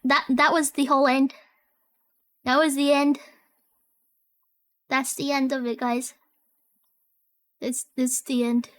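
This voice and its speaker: A woman streamer chatting casually while reacting to videos, excitable and giggly, often trailing off and repeating herself. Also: high voice, takes it slowly, long pauses.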